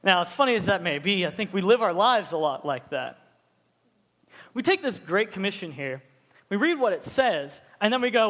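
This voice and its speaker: A young youth pastor with a high voice delivers a sermon to students at a moderate pace, relaxed and joking, diving into animated stories full of lively asides. His words carry a long reverberant tail, like a big hall rather than a small room.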